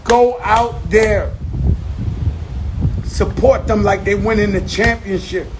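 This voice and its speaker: A man with a strikingly high voice rambles slowly through a casual, profane talk, repeating his phrases. Steady outdoor noise and passing vehicles sit behind him. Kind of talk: casual monologue. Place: outdoors on an island.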